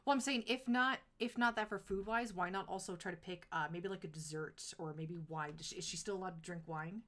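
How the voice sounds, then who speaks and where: A young adult woman streaming live, chatting casually and rambling through stories with lots of "like" and quick laughs. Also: on the low side, fairly bright tone.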